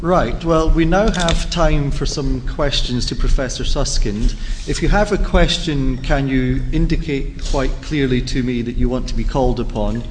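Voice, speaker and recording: A man chairs the question session after a lecture, setting out the rules in an orderly, instructive way. His voice rings with the hall's long reverb over clear background noise and clicks. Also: mid-range voice, moderate pace, few pauses. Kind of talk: formal announcement.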